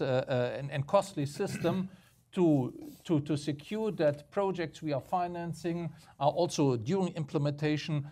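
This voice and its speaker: A man speaking on a panel for a development finance institution, halting, with many fillers and repeated words. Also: fairly high pitch, warm tone. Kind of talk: panel discussion remarks.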